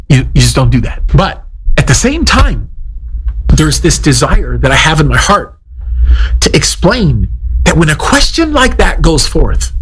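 Middle-aged male pastor preaching a sermon; lively, emphatic delivery in a higher register. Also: poor audio. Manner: emphatic preaching, pitch swings up when quoting.

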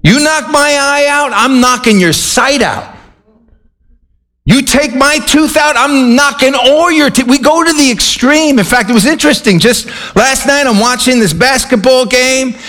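A man's voice: extremely high pitch, a little slow, fairly bright tone. A man preaching a sermon, earnest and emphatic, telling anecdotes to make his point. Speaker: pastor.

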